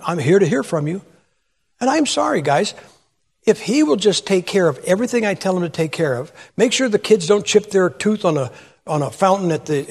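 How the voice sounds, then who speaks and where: Older preacher with a husky, high voice. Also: male voice, a little mellow, big-room sound. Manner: storytelling, asks the audience questions. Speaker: pastor. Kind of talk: sermon.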